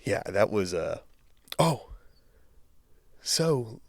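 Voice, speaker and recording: A young man co-hosting a podcast, telling a long story in casual chat, swearing freely and getting loud as he relives the anger. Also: fairly low pitch, sing-song, very slow, vocal fry, no room sound. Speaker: podcast co-host.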